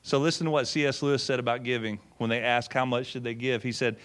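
A man's voice: medium pitch, steady tone, quick pace, few pauses, fairly bright tone. A middle-aged man, a pastor, telling a story in a sermon in a folksy way, acting out quotes and often repeating words. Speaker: pastor and former missionary.

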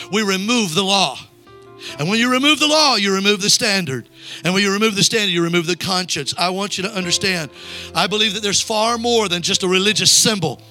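High, bright-voiced evangelist preaching a sermon. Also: male voice. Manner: call-and-response preaching, urging the crowd to repeat lines. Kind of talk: revival sermon. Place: church sanctuary.

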